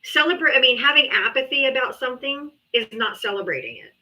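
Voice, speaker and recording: A woman's voice: sits high, lively intonation, fast talker, pushed and bright. A woman hosting a live political talk, blunt, offhand and profane, on dull lo-fi audio. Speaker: host.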